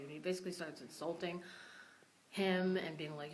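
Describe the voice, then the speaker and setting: A woman's voice: sits low, level tone, moderate pace, a little hiss or hum, rough recording. A young woman vlogging casually, upset and venting about a family fight, swearing freely. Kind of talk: casual vlog rant.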